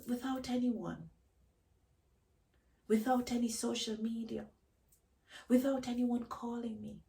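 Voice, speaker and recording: Woman, self-help vlogger, higher voice, repeats her points, rhetorical questions. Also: gravelly, darkish tone, far from the mic, low-quality recording. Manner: emphatic, rhetorical questions, repeats key phrases. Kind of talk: reflective solo talk to camera.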